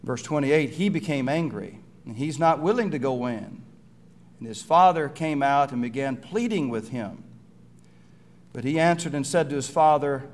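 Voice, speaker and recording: A man preaching on a Bible story, with a middle-pitched voice. He often turns to his listeners with rhetorical questions. He briefly acts out the quoted lines as he tells the story. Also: lively intonation, moderate pace, darkish tone. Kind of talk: sermon.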